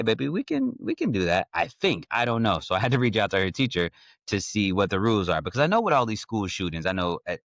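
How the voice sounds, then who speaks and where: A man hosting a podcast, telling a casual, animated story about his kids with slangy asides to listeners. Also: deep voice, no room sound. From Ohio. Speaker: podcast host.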